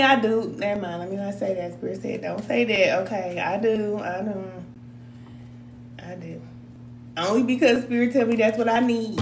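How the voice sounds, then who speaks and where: A spiritual advisor reads cards for her live chat, chatting casually, laughing often, and reading viewer comments aloud. Her voice is mid-range, and the room is echoey.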